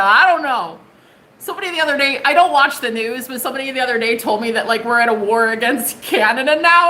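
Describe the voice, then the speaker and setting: A young woman from the United States reads tarot for her live-stream viewers in a loose, bubbly, foul-mouthed way. Her voice is bright and forceful and sits a little high. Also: animated, fast talker, poor audio. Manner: bubbly, profane and chatty. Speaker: tarot reader.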